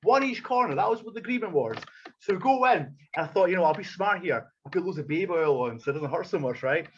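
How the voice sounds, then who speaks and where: A man's voice: sits high, fast talker, highs cut off, slight background noise. Man swearing through a wrestling story. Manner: profane, animated storyteller acting out quotes. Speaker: wrestler and podcast regular. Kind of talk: casual storytelling chat.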